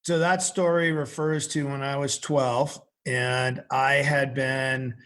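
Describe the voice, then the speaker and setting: A man's voice: mid-range voice, slow. A middle-aged man from central Massachusetts, a podcast guest telling vivid stories. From central Massachusetts, USA. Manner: vivid storyteller, animated. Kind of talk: storytelling in an interview.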